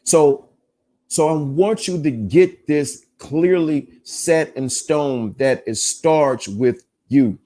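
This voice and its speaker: Speaking slowly in a somewhat high, mellow voice, a podcast host lectures his live-stream chat about relationships. His self-help delivery is forceful and preachy, full of repetition.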